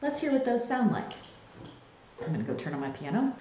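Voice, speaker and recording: A woman vocal coach explaining singing technique in a clear, teaching manner, with sung demonstrations. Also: medium pitch, sing-song, brisk, long pauses, warm tone. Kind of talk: singing lesson to camera. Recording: very echoey room.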